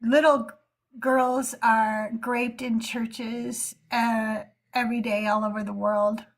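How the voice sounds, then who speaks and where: Slow, earnest woman host. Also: a little high, level tone. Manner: slow, earnest, with many fillers. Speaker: host of a live call-in show. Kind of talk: casual livestream talk.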